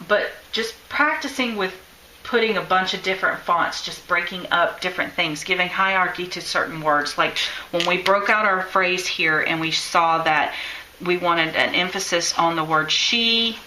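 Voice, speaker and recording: A woman's voice: lowish voice, sharp tone, roomy sound, a little hiss or hum, rough recording. A woman teaching a live-streamed craft class, chatting and encouraging her viewers while she draws. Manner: chatty, encouraging, thinks aloud while drawing.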